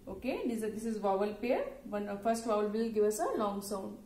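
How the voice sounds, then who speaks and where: A woman's voice: medium pitch, lively intonation, brisk, a little mellow. A woman with an Indian English accent teaching phonics to young children, patiently spelling out words letter by letter. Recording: echoey room, faint background noise.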